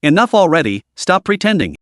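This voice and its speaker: A man's voice: a little high, sing-song, fairly quick, dry recording, studio quality. A male narrator voicing a wary, sarcastic young woman held captive, in a lightly raised voice. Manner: sarcastic, testing.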